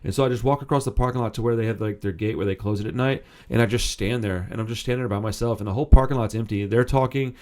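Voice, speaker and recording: A man's voice: on the low side, racing, few pauses, a little mellow. A man in his thirties hosting a punk music channel, telling a personal story in a rambling, self-interrupting way and swearing casually.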